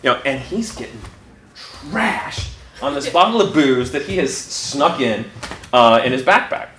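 A man telling a personal story, animated, often laughing as he talks and acting out his own reactions. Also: medium pitch, unhurried. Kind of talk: personal story told live. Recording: echoey room with background noise.

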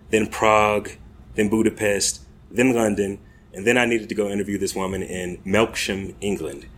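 A man's voice: lowish voice, a bit bright, slight background noise. A young American man hosting a podcast, telling a story in a laid-back way with many fillers and laughs. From United States. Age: young adult. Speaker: podcast host. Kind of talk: casual storytelling.

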